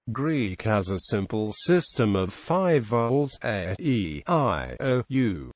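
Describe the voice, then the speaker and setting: A man's voice, computer-generated, reading an encyclopedia article aloud in an even, flat delivery. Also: lowish voice, no echo. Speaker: article reader. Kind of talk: text-to-speech article narration.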